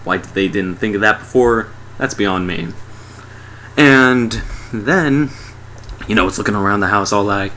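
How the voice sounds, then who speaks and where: A man's voice: on the low side, moderate pace, long pauses, bright, forceful tone, slight background noise. A sarcastic young man giving a casual, mocking movie review.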